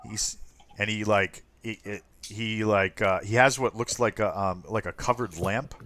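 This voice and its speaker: Low-voiced man narrating a tabletop game. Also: fairly even intonation, fairly bright tone. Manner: halting, many ums and uhs. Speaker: game master.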